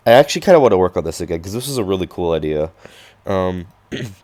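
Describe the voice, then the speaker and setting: A young man, hoarse and losing his voice, casually walking through programs he coded, with many fillers and restarts. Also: low-pitched, sing-song, rapid-fire, darkish tone. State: losing his voice, clearing his throat. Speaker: hobby programmer showing his projects. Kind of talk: casual screen-recorded walkthrough.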